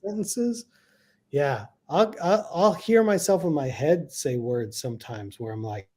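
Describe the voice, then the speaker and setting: Husky-voiced animated man from Texas. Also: on the high side, unhurried. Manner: animated storyteller who acts out quoted voices. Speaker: guest. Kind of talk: casual chat on a live stream. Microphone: video call.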